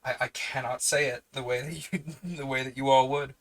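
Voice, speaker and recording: A man with a New Zealand accent and a bright, ringing voice reads a classic novel aloud on a livestream. He keeps drifting off the page to chat with his viewers, then settles back into the text. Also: medium pitch, steady tone, a little fast, poor audio. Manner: chatty, digresses and answers live chat between passages. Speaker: livestream book reader. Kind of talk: reading a novel aloud with casual chat asides.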